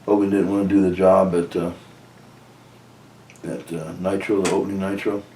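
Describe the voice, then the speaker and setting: Ex-wrestler guest, low voice, swears freely, tells it with quoted dialogue; room echo, distant mic. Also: male voice, level tone, moderate pace, warm tone. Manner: blunt, profane, retells arguments in quoted dialogue. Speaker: retired pro wrestler guest. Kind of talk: candid storytelling interview. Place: indoor room with a coffee maker.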